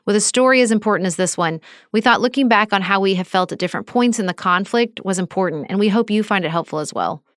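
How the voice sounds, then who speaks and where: A woman's voice: mid-range voice, fast, no echo. A woman co-hosting a political podcast, speaking in a heartfelt, conversational way. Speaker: podcast co-host.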